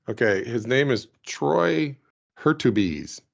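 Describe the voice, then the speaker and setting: Gravelly-voiced man, wry humor. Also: on the low side, animated, unhurried, dull audio. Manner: dry, wry humor, laughs at his own jokes. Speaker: podcast co-host. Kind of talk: casual chat.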